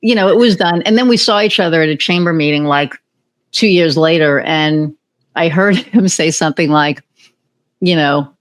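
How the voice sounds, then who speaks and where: A woman who owns a business, telling a candid, animated story as a podcast guest and swearing freely. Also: low-pitched, normal speed. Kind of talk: casual conversational storytelling.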